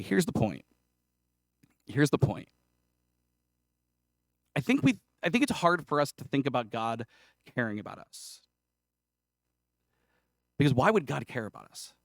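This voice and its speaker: A man's voice: medium pitch, very animated, moderate pace, vocal fry, long pauses, dry recording, clean studio sound. A male pastor preaching a sermon in a conversational, self-deprecating way, with casual asides. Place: church sanctuary.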